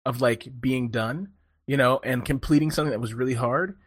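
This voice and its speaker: A man telling a long story in casual chat, animated and rambling, with lots of fillers and swearing. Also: medium pitch, fairly quick, breathy edge, no room sound, studio quality.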